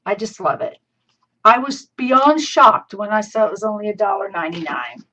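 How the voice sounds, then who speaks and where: A woman's voice: medium pitch, lively intonation, normal speed, sharp tone. A woman with a Southern accent chatting folksily through a live crafting demonstration. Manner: chatty, folksy, easily laughing. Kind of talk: live-streamed craft tutorial. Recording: dull lo-fi stream audio.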